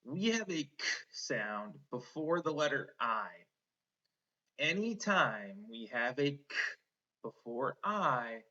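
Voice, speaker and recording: Here the same kind of patient spelling tutor uses a bright, mid-range voice, breaking words into their sounds and encouraging his student as he goes. He speaks slowly, and the lo-fi recording sounds dull.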